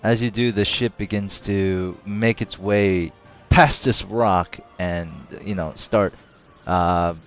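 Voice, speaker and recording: A man's voice: sits low, steady tone, slow pace, muffled recording, faint music behind. A man narrating as game master of a tabletop game, laid-back and hesitant, often laughing.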